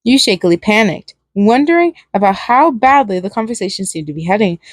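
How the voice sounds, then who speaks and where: A woman reading fan fiction aloud as narrator, steady but with small restarts. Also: mid-range voice, brisk, no echo.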